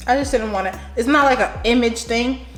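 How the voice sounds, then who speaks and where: A woman's voice: a little high, a little fast, reverberant, soft background music. A woman with a New York accent chatting casually over a meal for a vlog, telling a story with frequent laughs. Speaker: vlogger. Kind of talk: casual mukbang chat. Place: home room, eating at a table.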